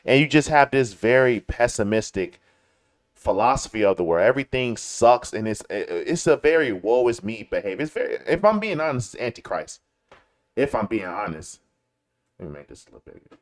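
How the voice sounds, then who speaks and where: A man's voice: mid-range voice, very animated, normal speed. A man hosting a live-stream, ranting in a combative way, stumbling over restarts and mocking others in whiny voices. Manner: combative, repetitive, stammering restarts. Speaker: streamer host. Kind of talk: live-stream commentary rant.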